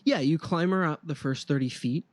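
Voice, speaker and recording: A man, narrating a tabletop game as game master in a measured, descriptive way. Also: on the high side, no room sound.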